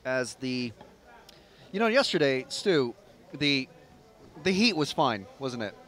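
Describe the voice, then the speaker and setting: A man's voice: medium pitch, sing-song, slow pace, fairly bright tone, low-quality recording. A man giving casual, rambling live race commentary with lots of fillers. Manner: chatty, rambling, with frequent fillers. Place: outdoor racetrack, trackside.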